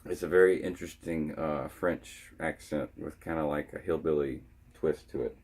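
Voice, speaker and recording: A man vlogging his opinions in a casual monologue, halting and often restarting his sentences. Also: very deep voice, steady tone, darkish tone.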